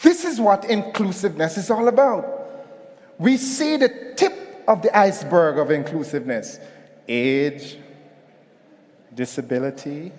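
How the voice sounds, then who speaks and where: A man's voice: high-pitched, a little mellow. A man giving a motivational conference talk, telling a story and calling on the audience to respond, recorded in an echoey hall. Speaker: keynote speaker.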